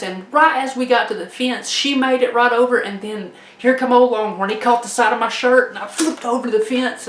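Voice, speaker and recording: A woman telling a comic tale in a folksy, animated way, laughing as she goes. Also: on the high side, roomy sound. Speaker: storyteller. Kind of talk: comedic personal storytelling.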